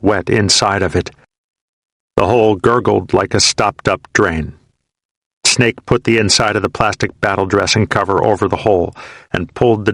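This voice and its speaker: Low gravelly male audiobook narrator. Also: no echo. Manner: steady, measured storytelling. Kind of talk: scripted narration of a war novel.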